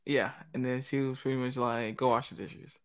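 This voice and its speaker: Young man telling a story with animated quotes. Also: mid-range voice, moderate pace. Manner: animated storytelling, acts out quotes, lots of "I'm like". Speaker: storyteller among friends. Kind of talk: casual chat.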